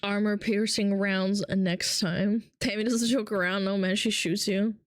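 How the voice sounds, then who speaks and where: A woman's voice: medium pitch, fairly even intonation, normal speed, no room sound, clean studio sound. A young woman chatting casually on a live stream, playful and teasing, switching between English and Russian.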